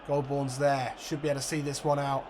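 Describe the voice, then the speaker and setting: A man commentating his own football video game play by play, swearing and yelling when things go wrong. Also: medium pitch, little pitch movement, a little fast, slight background noise. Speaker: gaming commentator.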